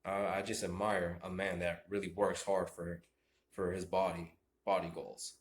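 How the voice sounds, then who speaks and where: A young American man rants about fathers and respect, preachy and rambling, tripping over his words. His voice sits low. The recording is echoey, like a bare room. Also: flat delivery, normal speed. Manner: rambling, repeats and restarts, preachy. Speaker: vlogger. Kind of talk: ranting monologue.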